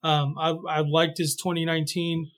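A man with a slightly raised pitch talks through his picks on a casual sports podcast. He rambles, restarts his sentences and fills the gaps with "uh" and "you know.". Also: moderate pace. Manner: relaxed, rambling with many fillers and restarts. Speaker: podcast co-host.

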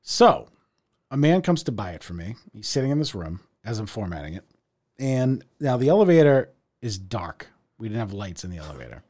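Man, casual storyteller, lively swooping delivery, profane and animated. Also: a little fast. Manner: animated, profane, acts out voices with big pitch jumps. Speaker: podcast co-host telling a story.

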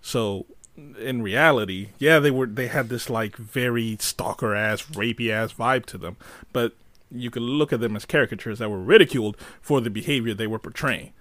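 A man's voice: mid-range voice, moderate pace, fairly bright tone, no room sound. A man co-hosting a casual podcast, arguing his point thoughtfully with many fillers. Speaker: podcast co-host.

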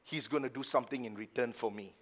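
A man preaching a sermon as pastor at a church service, swinging from hushed low asides to loud, emphatic passages and mocking the excuses of doubters. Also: fast talker. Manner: acts out the lines of doubters in a mocking tone.

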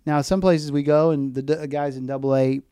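His voice a little high and fairly quick, the middle-aged baseball mascot performer narrates stories in an interview and animatedly acts out the quoted voices. The recording is clean and studio quality, with no echo.

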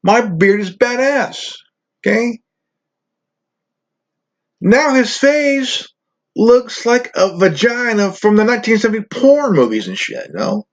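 Slow, stammering man on a profane rant. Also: high-pitched, sing-song. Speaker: channel host. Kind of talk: ranting vlog. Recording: dull lo-fi recording.

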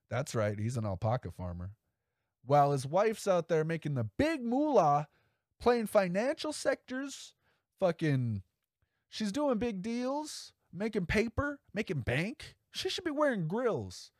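A man hosting a solo podcast in a rambling, profane, enthusiastic way. His voice sits a bit high and swings widely in pitch as he gets excited. The recording is dry and close, with no room echo. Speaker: podcast host. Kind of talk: casual solo podcast chat.

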